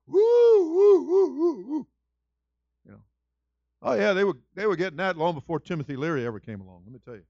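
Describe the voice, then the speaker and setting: A man preaching a sermon as senior pastor, with a lively storytelling manner that swings from loud to soft. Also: on the high side, very fast, no echo, highs cut off.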